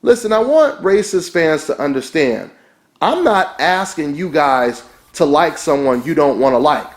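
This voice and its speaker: A man's voice: fairly high pitch, sing-song, a little slow. A man hosting a boxing channel, delivering an emphatic opinion rant that keeps repeating its points and asking "right?". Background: faint background music.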